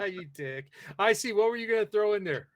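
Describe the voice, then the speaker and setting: A man hosting a live podcast in a loose, rambling way, full of "uh" and "let's see." His voice sits a bit high for a man. He talks casually, as if to friends. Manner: rambling, many fillers, reads chat aloud. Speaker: podcast host. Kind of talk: casual live-stream chat.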